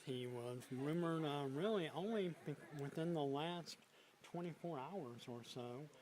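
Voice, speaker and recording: A man anchoring a local TV news broadcast from a studio desk, often restarting his sentences and filling pauses with "uh". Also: fairly high pitch, darkish tone, poor audio. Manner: halting, frequent fillers and restarts. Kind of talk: news broadcast with unscripted asides.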